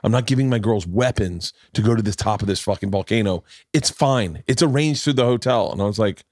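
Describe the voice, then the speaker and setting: A middle-aged man hosting a podcast, telling a story in a loud, profane, animated way and acting out the voices in it. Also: fairly low pitch, a little fast, dry recording, clean studio sound. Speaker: podcast host. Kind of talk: casual storytelling chat.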